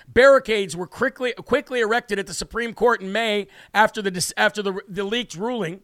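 A man's voice: sits high, moderate pace, fairly bright tone, dry recording, studio quality. A man hosting a live political talk show, brash and combative, with mocking asides to viewers. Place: home studio.

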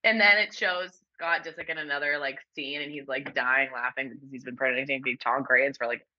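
A woman's voice: rumbling low, fairly even intonation, brisk. A woman in her twenties co-hosting a casual chat, joking and profane, who slips into silly voices. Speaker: podcast co-host. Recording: dull lo-fi audio.

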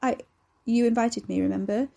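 A woman voicing a shaken young woman who talks softly and nervously. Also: fairly high pitch, steady tone, moderate pace, vocal fry, pitched above the performer's own voice. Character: young woman, shaken but calm-sounding.

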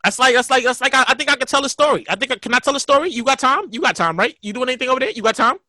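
A man in his thirties who was a DJ, telling a story in casual chat, loud and animated, repeating himself and shouting in bursts. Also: extremely high pitch, racing, no room sound.

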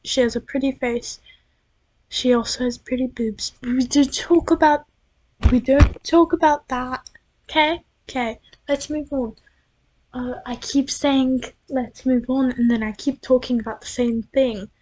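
Her voice is high and a bit mellow, a little slow, with fairly even intonation. The young American vlogger rambles at home at night into her computer's built-in microphone, an accent that faintly drifts British now and then. She's chatty, pokes fun at herself, and keeps starting over.

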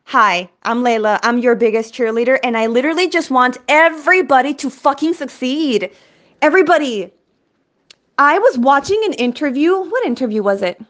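High-pitched woman ranting into her podcast, swears a lot, all over the place. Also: moderate pace. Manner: profane, energetic, rambling. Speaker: podcast host. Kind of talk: rambling monologue.

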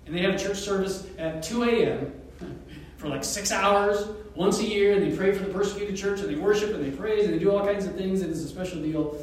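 Man preaching in a church, animated storyteller; high-pitched, heard from a distance in a roomy echo. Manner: storytelling, animated, with chuckles and pauses. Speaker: pastor. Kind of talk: sermon. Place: church sanctuary.

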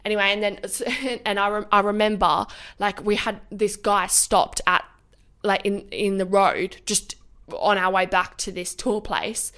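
A woman's voice: medium pitch, measured pace, fairly bright tone, smooth. Young woman, podcast co-host, rambling, casual storytelling. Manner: rambling, heavy on "like" and swearing.

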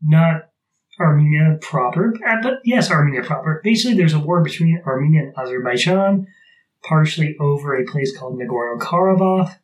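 A man's voice: on the high side, expressive, a little fast, low-quality recording. A man co-hosting a podcast, chatting casually, rambling with sarcastic asides. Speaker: podcast co-host. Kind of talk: casual chat.

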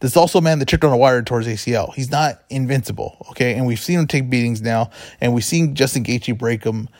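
A man's voice: medium pitch, quick pace, dry recording, studio quality. A man hosting a casual sports betting talk show, rambling and correcting himself as he goes. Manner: chatty, rambling, self-correcting. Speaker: podcast host.

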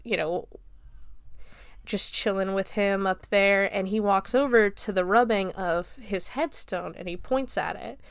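A film reviewer in her late twenties recaps a movie casually and chattily, swearing freely, laughing often and peppering her talk with "like." Her medium-pitched voice is clear and resonant, unhurried, with no room sound.

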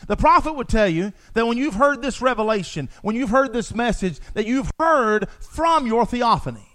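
A man's voice: very high-pitched, lively intonation, normal speed, a bit bright. A man preaching a sermon with passion, repeating phrases for emphasis.

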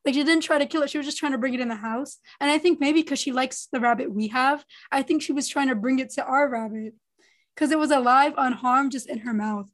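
High-voiced young woman, animated chat. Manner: animated, lots of "like", quick reactions. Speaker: podcast co-host. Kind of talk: casual chat.

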